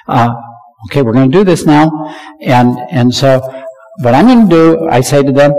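A man preaching a sermon, animated, often repeating words and restarting his sentences. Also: medium pitch, moderate pace, big-room sound, soft background music, poor audio.

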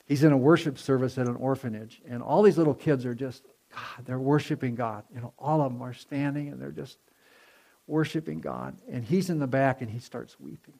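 A man's voice: mid-range voice, a little fast, creaky, mellow. A man preaching a sermon in a conversational storytelling way, with many fillers and restarts, to a church congregation.

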